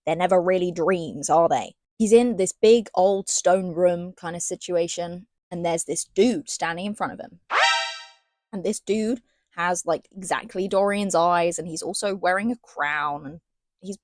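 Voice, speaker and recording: A woman's voice: on the low side, a little slow, a little mellow, dry recording. A woman giving a sarcastic, slangy casual book review, reading passages aloud between rants. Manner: sarcastic, ranting, slangy asides.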